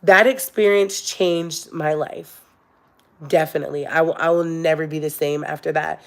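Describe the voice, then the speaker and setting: A woman's voice: sits low, steady tone, moderate pace. A young adult woman talking candidly and emotionally to her viewers on a live stream, with many fillers. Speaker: vlogger. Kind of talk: casual live-stream chat.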